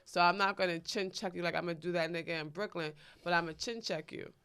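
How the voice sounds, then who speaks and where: A woman tells a story on a podcast in a brash, blunt way. Her voice sits low for a woman. It has a bright, forceful edge. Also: fairly even intonation, fast talker, clean tone. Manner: brash, profane storytelling with bursts of laughter. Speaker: podcast host. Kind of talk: casual chat.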